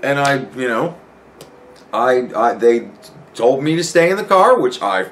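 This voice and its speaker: A man hosting a podcast, telling a story in a casual, profane, animated rant and laughing often. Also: mid-range voice, unhurried, long pauses. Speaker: podcast host.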